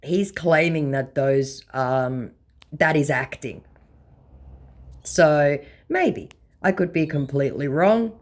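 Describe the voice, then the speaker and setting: Woman, very low voice, blunt, sarcastic, casual commentary, hesitant "um"s. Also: slow, darkish tone. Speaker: scambaiting channel host. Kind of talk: casual commentary reading out chat exchanges.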